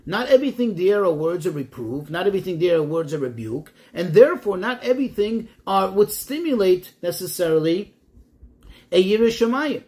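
Methodical rabbi teaching a Torah lesson. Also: male voice, high voice, very animated, fairly quick, darkish tone. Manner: methodical, rhetorical questions, quotes texts.

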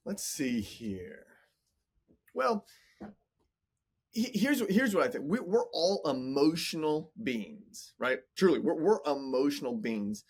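A man's voice: a little high, sing-song, takes it slowly, slightly rough. A man in his forties, a business coach talking in a casual podcast interview, emphatic and motivational, often repeating words. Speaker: business coach and entrepreneur guest.

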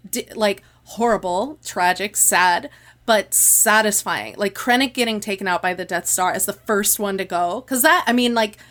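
A woman hosting a podcast, talking about something she loves in an emotional, effusive way. She rambles quickly with a lot of restarts, at a middling pitch. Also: a bit bright. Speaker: podcast host. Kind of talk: casual podcast discussion.

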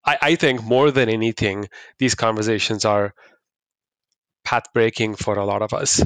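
A man hosting a podcast, speaking thoughtfully and haltingly with many restarts. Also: lowish voice, steady tone, fairly bright tone, clean tone, dry recording. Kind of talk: reflective podcast conversation.

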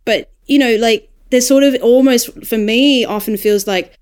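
A woman with an Australian accent, an audiobook narrator talking shop in a casual roundtable discussion, thoughtful and animated when she makes a point. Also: fairly high pitch, normal speed, clear, resonant tone.

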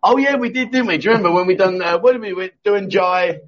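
A man with a high-pitched, fast, somewhat bright voice hosts a casual live chat show, reading viewer comments and trading jokes with his co-host. He restarts frequently, and the stream audio sounds dull and lo-fi.

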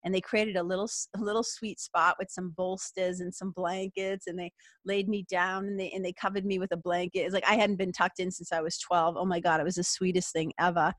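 A woman's voice: fairly low pitch, little pitch movement, a little fast, no echo. A middle-aged woman hosting a casual spiritual talk show, chatty and upbeat. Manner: chatty and upbeat, peppered with "like" and laughs. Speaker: podcast host.

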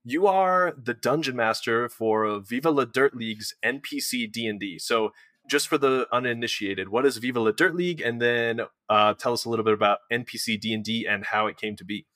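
A man's voice: medium pitch, a little fast, sharp tone, dry recording, clean studio sound. A man hosting a casual interview, enthusiastic and encouraging toward his guest. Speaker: interview host.

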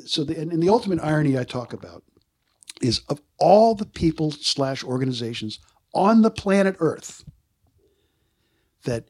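A man in his sixties, a former Marine, telling lively stories in a casual interview and acting out other people's voices. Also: a little high, normal speed, long pauses, slightly rough. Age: 60s. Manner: animated storyteller who acts out other people's voices. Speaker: guest, former Marine combat artist.

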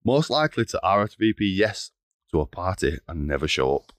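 A man's voice: deep voice, very animated, a little fast, no room sound, studio quality. A young man, co-hosting a podcast in casual joking chat, teasing his friend and laughing a lot. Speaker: podcast co-host.

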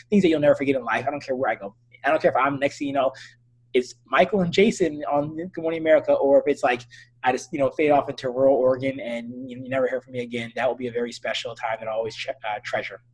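A man in his thirties, a doctor, talking earnestly in a casual interview and telling animated stories with frequent restarts. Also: mid-range voice, slightly rough, poor audio. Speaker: physician and interview guest.

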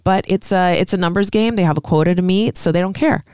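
A woman talks into a studio mic in a relaxed podcast chat, telling an emotional story and playing out what others said. Her voice is smooth and clear, and the recording is close and dry. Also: fairly low pitch, fast talker, no room sound. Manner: emotional storytelling, acts out quoted lines. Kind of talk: casual podcast conversation.

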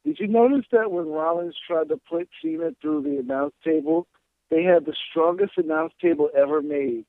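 A man's voice: on the high side, lively intonation, normal speed, no echo, narrow, tinny audio. A man co-hosting a casual wrestling podcast, ranting in a profane, sarcastic way. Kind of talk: casual chat.

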